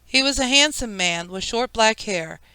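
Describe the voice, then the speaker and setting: A woman narrating a children's audiobook in an even storytelling way. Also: on the high side, normal speed, smooth, dry recording. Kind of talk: scripted narration.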